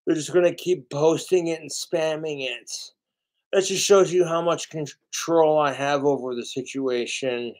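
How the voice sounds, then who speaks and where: A man's voice: fairly high pitch, a little slow. A man rambling through a livestream about his cooking videos, swearing often, drinking alcohol and circling back on himself with self-pity. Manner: profane, self-pitying, meandering with restarts.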